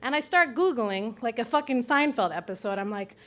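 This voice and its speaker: A woman from Brooklyn telling a true story on stage at a live story slam, profane, self-mocking and animated. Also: a little high, normal speed, a little hiss or hum. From Brooklyn, New York.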